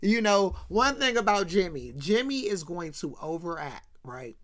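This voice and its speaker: A woman's voice: fairly low pitch, sing-song, measured pace, a bit bright. A woman hosting a comedic rant that recaps a sitcom, talking with many fillers and laughing asides. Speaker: host.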